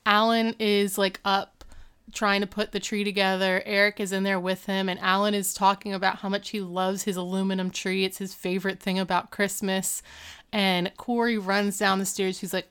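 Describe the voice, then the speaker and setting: A woman's voice: mid-range voice, little pitch movement, moderate pace, a bit bright, smooth. A woman co-hosting a podcast, casually recapping a TV episode and acting out the characters' lines with plenty of "like" and "um.". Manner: chatty storyteller who acts out quotes, with frequent 'like' and 'um'.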